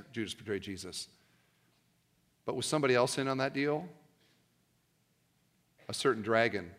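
A man's voice: mid-range voice, fairly bright tone, big-room sound. A male pastor preaching a sermon, telling a story and asking rhetorical questions.

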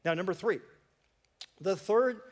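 A man's voice: high voice, a little slow, a little mellow. A man preaching a sermon to his congregation, talking conversationally and throwing in joking asides. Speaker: pastor. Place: church sanctuary. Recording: long reverb of a church hall.

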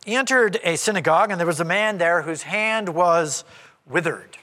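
A male preacher with a high, bright voice that swings widely in pitch, delivering an animated, conversational sermon. A long hall reverb trails behind each phrase. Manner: animated and conversational, acts out quoted speech. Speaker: pastor.

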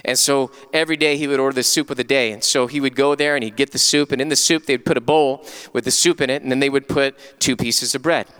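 A male pastor preaching a sermon, stacking short, forceful declarations and swinging between loud urging and low, slow emphasis. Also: steady tone, smooth.

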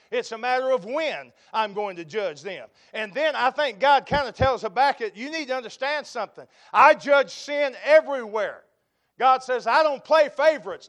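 A high-pitched man preaches. He pushes his voice loud on key words, then sinks to a low, hushed tone to drive a point home. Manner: emphatic preaching, swells loud then drops to near quiet. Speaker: pastor. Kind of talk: sermon.

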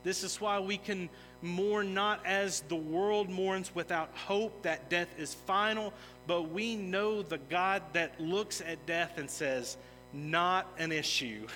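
A man's voice: high voice, slow, fairly bright tone. A man preaching a sermon as a pastor, earnest and emphatic, building intensity in places. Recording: long reverb of a large hall with music.

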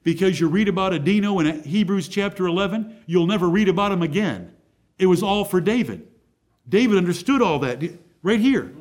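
A man's voice: high voice, animated, brisk, darkish tone. A male pastor preaching a sermon, driving points home with rhetorical questions.

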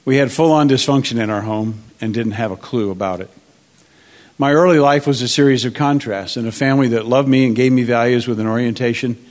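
A man's voice: medium pitch, a little mellow. Earnest older man giving a testimony. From United States. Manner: earnest, measured, with frequent uh fillers. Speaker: speaker at a church marriage event. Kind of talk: testimony and prayer.

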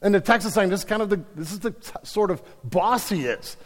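A man preaching a sermon as pastor, animated, with frequent restarts and repeated words. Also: sits high, brisk. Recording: long hall reverb.

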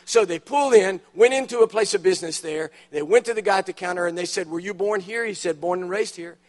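In a church auditorium, a man preaches a sermon in a high-pitched, fast voice. He tells humorous stories and builds them to dramatic, emphatic punchlines with rising emphasis.

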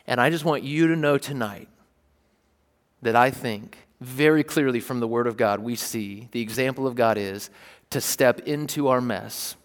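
Casual storytelling pastor in a reverberant hall. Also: male voice, mid-range voice, normal speed. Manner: casual, storytelling with self-deprecating humor. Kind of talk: sermon.

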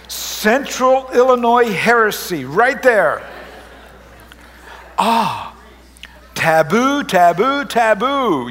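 A middle-aged man preaching a humorous sermon as pastor, joking and teasing his congregation in an animated way. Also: high voice. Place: church service.

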